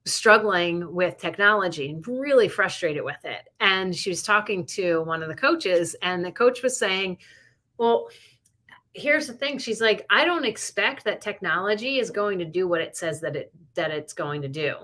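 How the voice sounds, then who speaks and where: A woman's voice: on the low side, normal speed, bright, forceful tone. A middle-aged woman co-hosting a podcast, telling stories in a casual, rambling way with many likes and you knows. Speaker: podcast co-host. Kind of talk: casual chat.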